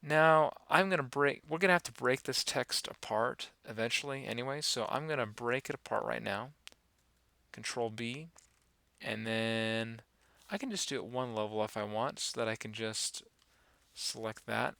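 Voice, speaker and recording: A man giving a relaxed, rambling software tutorial, talking through each step with many fillers. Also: medium pitch, normal speed, vocal fry, no echo. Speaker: animation instructor. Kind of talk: screen-recorded software tutorial.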